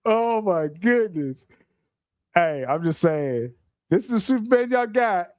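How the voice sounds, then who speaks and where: Animated high-voiced man laughing through commentary. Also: takes it slowly, no echo, clean studio sound. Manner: laughs often, animated and mocking. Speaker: podcast host. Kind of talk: reaction commentary on a clip.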